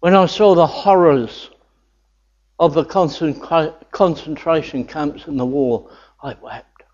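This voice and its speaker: Slow, earnest older preacher, lo-fi. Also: male voice, fairly high pitch, a little mellow. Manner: earnest, rising to enthusiastic exclamations. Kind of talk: sermon. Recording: dull lo-fi recording.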